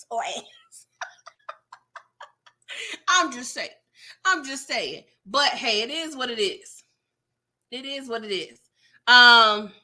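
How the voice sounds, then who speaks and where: A woman who reviews TV episodes chats through an exasperated, casual recap, laughing at moments and addressing her viewers by name. Her voice sits on the high side and sounds pushed and bright.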